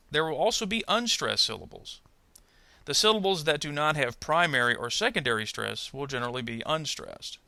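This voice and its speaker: Gravelly, bright-toned man teaching pronunciation. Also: mid-range voice, no room sound. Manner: measured, explanatory, careful. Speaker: adult ESL pronunciation teacher. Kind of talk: instructional narration.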